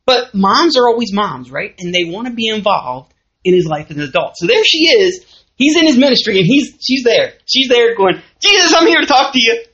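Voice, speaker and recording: Lively Southern woman teaching a church class. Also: mid-range voice, moderate pace. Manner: lively, conversational, asks the audience questions. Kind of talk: sermon. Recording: muffled lo-fi recording.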